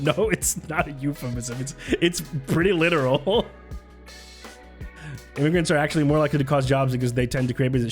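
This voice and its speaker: A man's voice: mid-range voice, normal speed, faint music behind. A man streaming live, reacting to videos with sarcastic, swear-laden commentary and frequent laughs, close to the mic.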